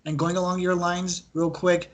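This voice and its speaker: A young man co-hosting a sports podcast, chatting casually in a joking, animated way and swearing freely. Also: sits high, normal speed. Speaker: podcast co-host.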